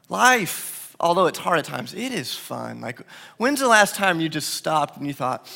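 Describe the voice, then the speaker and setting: A man's voice: on the high side, normal speed, creaky. A man, preaching a sermon to his church and telling stories with acted quotes. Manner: animated storytelling with acted quotes. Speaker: pastor. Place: large church hall. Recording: long hall reverb.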